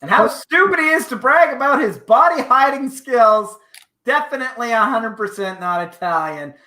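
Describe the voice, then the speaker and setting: A man's voice: very high voice, normal speed. A man hosting a casual podcast, telling a profane story and acting out the lines of the people in it. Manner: animated, profane storytelling with acted-out quotes. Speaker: podcast host. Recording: echoey room.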